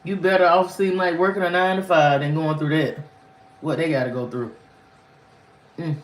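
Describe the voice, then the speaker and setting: A woman chats on a livestream in a loose, rambling storytelling style. Her voice jumps high and drops low as she talks. The room around her has a noticeable echo. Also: level tone, normal speed. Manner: candid, rambling, with frequent pitch swings. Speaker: livestream host. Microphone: phone or webcam on a livestream.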